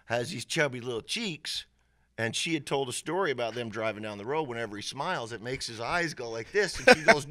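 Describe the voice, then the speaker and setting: A middle-aged man, a musician telling an animated story as an interview guest, laughing often and acting out the voices of people in it. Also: medium pitch, normal speed, dry recording. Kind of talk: casual storytelling.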